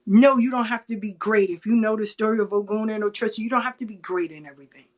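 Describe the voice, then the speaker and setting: A middle-aged woman telling stories in a casual, animated chat, acting out the voices of the people she quotes. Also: mid-range voice, quick pace.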